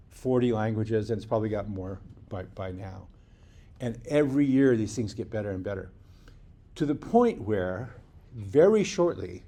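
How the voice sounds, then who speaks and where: A man's voice: lowish voice, warm tone. A man giving a university lecture in a conversational way, often restarting sentences and checking in with the class. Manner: conversational, with restarts and rhetorical "right?". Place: lecture hall.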